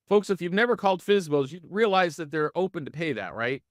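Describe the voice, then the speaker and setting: A middle-aged man coaching real estate agents in a live online training session, energetic and full of rhetorical questions to his audience. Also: on the high side, brisk, few pauses, dry recording, studio quality.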